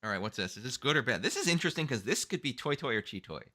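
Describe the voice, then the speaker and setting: A man's voice: medium pitch, sing-song, very fast, pushed and bright. A man co-hosting a mahjong stream, thinking aloud through plays in casual commentary.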